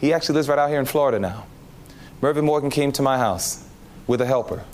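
A man preaching his testimony, telling the story in an animated way and acting out his own reactions. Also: mid-range voice, fast, slight background noise. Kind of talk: testimony sermon.

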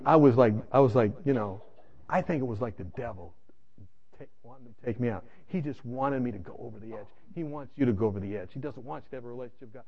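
A man's voice: medium pitch, highs cut off. Emphatic man preaching his testimony. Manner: emphatic storytelling addressing the audience directly. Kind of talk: sermon testimony.

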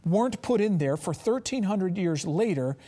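A man preaching as pastor, reading scripture aloud and stressing phrases with slow, drawn-out emphasis. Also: high voice, animated, warm tone. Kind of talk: sermon.

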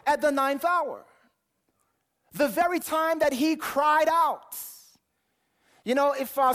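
A man with a very high, somewhat bright voice preaches, reading scripture aloud in King James wording. He stumbles over repeated words while building his points and puts questions to his listeners.

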